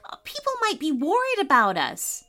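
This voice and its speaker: A woman voicing an excited, curious young girl who talks eagerly. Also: sits high, normal speed, soft background music, voice pushed up, full character voice.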